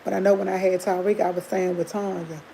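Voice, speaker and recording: A woman's voice: on the low side, level tone, fast, creaky, dark tone, slight background noise, rough recording. A woman hosting a livestream, chatting candidly to her viewers and laughing often as she tells a personal story. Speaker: livestream host.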